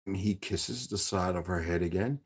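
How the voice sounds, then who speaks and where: Husky man reading a novel aloud. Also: low voice, normal speed. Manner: self-correcting, expressive reading. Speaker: reader.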